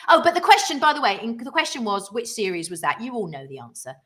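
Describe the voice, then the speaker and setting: A woman's voice: a little high, very animated, fast talker, fairly bright tone. A woman co-hosting a cocktail livestream, chatting in a bubbly, rambling, self-mocking way as she mixes drinks. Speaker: co-host of a gin cocktail livestream. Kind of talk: casual chat while mixing cocktails.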